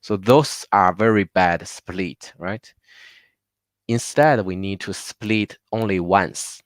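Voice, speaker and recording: A man with a Chinese accent teaching a live online lesson, patiently repeating words slowly for his learners. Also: deep voice, fairly bright tone, no echo, studio quality. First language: Mandarin Chinese.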